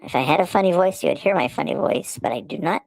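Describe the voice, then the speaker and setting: A streamer doing a put-on voice of a deadpan man who insists his odd voice is normal. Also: high-pitched, fast talker, creaky, dry recording, pitched above the performer's own voice, low-quality recording. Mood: insistent deadpan.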